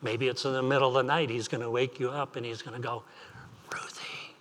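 A man's voice: medium pitch, steady tone, fast talker, a bit bright. A man preaching an earnest sermon as pastor, repeating phrases and asking rising questions.

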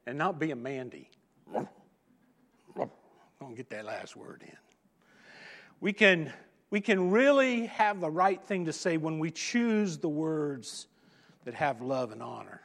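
Animated, slow-speaking male preacher. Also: high-pitched. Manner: storytelling, dramatic pauses, emphatic repetition. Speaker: pastor. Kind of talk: sermon with humorous anecdotes.

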